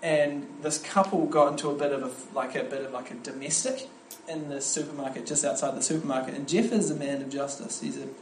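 Animated man preaching in an echoey hall. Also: mid-range voice, a little fast, hardly any pauses, a little hiss or hum. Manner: animated storytelling with frequent restarts. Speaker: youth pastor preaching at a camp. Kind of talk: sermon. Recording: echoey hall with faint ambience.

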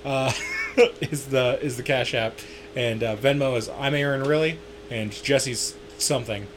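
A man's voice: medium pitch, measured pace, a bit bright, slight background noise. A man hosting a podcast in casual chat, joking crudely and swearing a lot. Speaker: podcast host.

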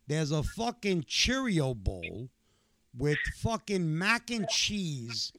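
A middle-aged man telling a story in casual chat, animated and swearing heavily. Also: on the high side, slow pace, no room sound. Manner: animated, heavy swearing, rising to shouted outrage. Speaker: podcast guest.

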